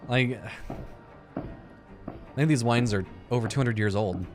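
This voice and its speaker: A man's voice: mid-range voice, measured pace, soft background music. A man giving casual gameplay commentary, thinking aloud, joking and swearing as he plays. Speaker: let's play gamer.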